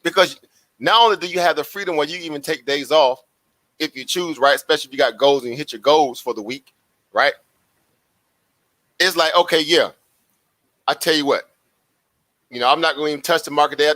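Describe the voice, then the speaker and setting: A man chats to his livestream viewers. His voice is bright and forceful, and he is animated and preachy, repeating his phrases. The sound is dry and close. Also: on the high side, a little fast, pauses often, dry recording. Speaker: livestream host. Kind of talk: casual livestream chat.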